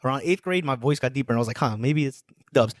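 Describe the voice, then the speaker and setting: A man's voice: medium pitch, animated, fast talker, dry recording, studio quality. A man in his twenties from New Jersey, a guest musician telling his story in casual podcast chat, slangy and rambling. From United States, New Jersey. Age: 20s. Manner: slangy, rambling, full of filler phrases.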